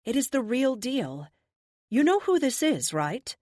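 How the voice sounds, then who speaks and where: Woman reading as a gentle persuader, honeyed soothing voice, lively melody, audiobook. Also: fairly high pitch, a little slow, no echo, studio quality, pitched above the performer's own voice. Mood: coaxing. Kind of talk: audiobook character voice.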